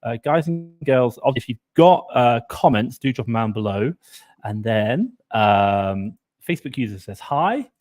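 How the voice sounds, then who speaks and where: A man co-hosting a casual live stream over a video call, chatty and upbeat with quick asides. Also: mid-range voice, animated, darkish tone, faint music behind.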